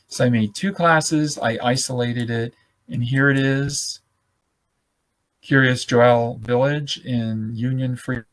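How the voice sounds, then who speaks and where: A man of ordinary pitch leads a live online class, clicking through a screen demonstration. He talks loosely and thinks aloud, correcting himself as he goes. His voice is a bit hoarse and comes through a computer mic on a video call. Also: a bit bright. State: losing his voice. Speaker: webinar presenter.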